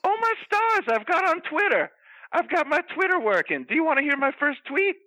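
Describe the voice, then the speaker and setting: A man's voice: extremely high pitch, sing-song, fairly quick, sharp tone, no room sound, voice pushed up, full character voice, rough recording. A man voicing a flustered, bawdy old Southern belle who keeps gasping with hiccups as she rambles through scandalous gossip. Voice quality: gasping hiccups between phrases. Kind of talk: comedic character bit.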